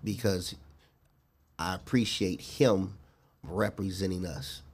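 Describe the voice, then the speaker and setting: A middle-aged man talking earnestly as a guest in a casual interview, reflective and quick to laugh. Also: low-pitched, breathy edge.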